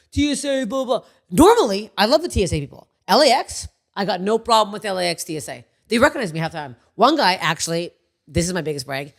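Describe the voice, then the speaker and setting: A woman in her thirties hosting a podcast, telling stories in a casual chat, acting out people's voices and swearing freely. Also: mid-range voice. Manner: animated storytelling, acts out people's voices. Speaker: podcast host.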